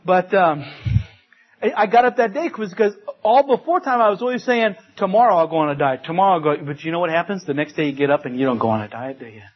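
A middle-aged man with a drawl preaches a sermon, leaning on emphatic repetition and homespun stories. His voice sits fairly high and sounds husky. The recording is dull and lo-fi. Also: expressive, fast talker. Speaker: pastor.

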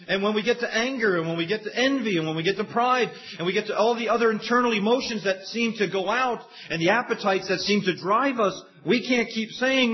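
Animated storytelling preacher, man. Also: high-pitched, brisk. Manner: animated storytelling preacher, acts out quoted voices. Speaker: pastor. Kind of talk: sermon. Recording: dull lo-fi sound.

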